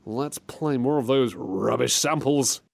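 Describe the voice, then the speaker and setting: A man's voice: mid-range voice, unhurried, creaky, a little hiss or hum. A young man hosting a comedy radio show in a studio, rambling in loose, joking banter. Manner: animated, rambling, slips into silly mock voices. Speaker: radio host.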